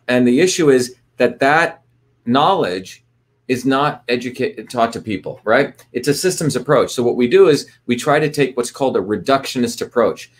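A man hosting a livestream, reading out where viewers are from and talking casually with many fillers and restarts. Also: mid-range voice. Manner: rambling, many fillers and restarts, retells stories. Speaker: livestream host.

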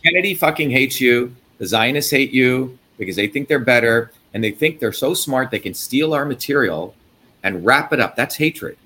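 A man's voice: medium pitch, lively intonation, moderate pace, pushed and bright. A man hosting an interview from India, ranting angrily and emphatically with lots of swearing. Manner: profane, angry, emphatic ranting. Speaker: host. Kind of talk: heated interview talk.

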